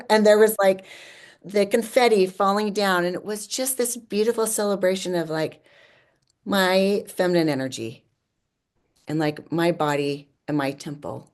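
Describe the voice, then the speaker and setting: A woman, a podcast guest, telling a personal story in lively conversation, often saying "like" and laughing as she goes. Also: medium pitch, a little slow. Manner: animated, often says "like" and laughs.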